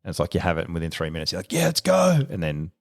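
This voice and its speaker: Low-voiced joking Australian man. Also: little pitch movement, racing. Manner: joking, dry asides. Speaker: podcast host. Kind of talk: casual chat.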